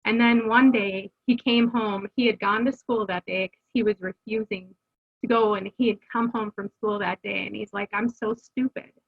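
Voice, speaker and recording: Over phone-quality sound, a middle-aged woman with a steady, mid-range voice speaks at a moderate pace. As a guest on an interview, this homeschooling mother shares her family's story sincerely and casually, restarting and using fillers along the way.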